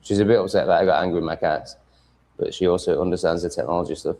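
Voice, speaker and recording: An English man in a room with cats holds casual livestream chat, blunt, ranting and full of profanity. His low-pitched voice is mellow and moves at a quick pace.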